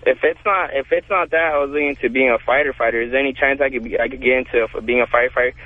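A young man calling a radio show for career advice, polite and hesitant, with halting speech. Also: medium pitch, fairly even intonation, dry recording. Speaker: caller. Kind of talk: phone-in call. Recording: tinny phone line, dry.

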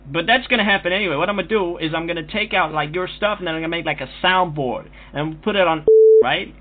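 A man's voice: fairly high pitch, fast. A man making a prank phone call, talking in a brash, taunting, profane way. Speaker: prank caller. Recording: tinny phone line with faint noise.

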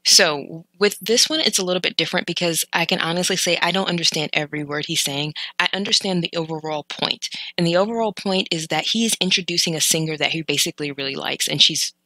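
A fairly low-pitched woman talks fast with few pauses, her tone bright and forceful, on a low-quality recording with no echo. She is a language learner casually explaining clip vocabulary, thinking aloud with hesitant restarts and corrections.

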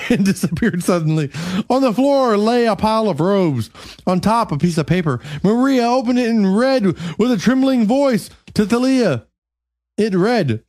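Comic bedtime story reader, slow pace, stumbles and snarky asides, dry recording. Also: mid-range voice, very animated, darkish tone, no room sound. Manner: slow, sing-song reading with stumbles and sarcastic asides. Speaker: host reading a story aloud.

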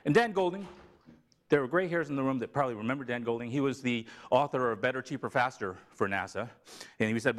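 A seminar speaker from Tennessee, USA, gives a lively academic lecture in a lecture room, speaking fast in a mid-range voice. He's animated and joking, even slipping into a put-on Southern drawl for a gag.

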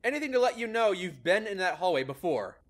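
A man's voice: high voice, sing-song, quick pace. A man hosting a gameplay video, explaining a maze-solving method in a casual, upbeat way and laughing often. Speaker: host explaining a maze algorithm in a game.

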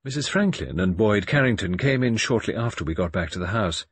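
A man's voice: fairly low pitch, animated, a little fast, slightly rough, no echo. A man narrating an audiobook in the first person, reading dramatically and expressively.

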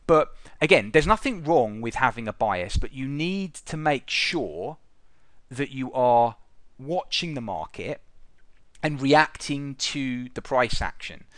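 A man's voice: medium pitch, lively intonation, takes it slowly, a bit bright, no room sound. Brief: man, middle-aged, swears freely, mocks trader mistakes, dry close mic. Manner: profane, exasperated, mocking. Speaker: trading educator. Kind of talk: blunt trading commentary over charts.

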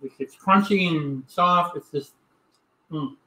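A middle-aged man co-hosting a live cooking stream as the chef, animated and playful. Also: a little high, slow, echoey room, low-quality recording. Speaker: chef co-host.

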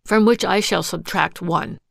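A woman voicing a hurt, bitter young wife who speaks in sharp, accusing outbursts. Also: mid-range voice, measured pace, gravelly, no room sound, studio quality.

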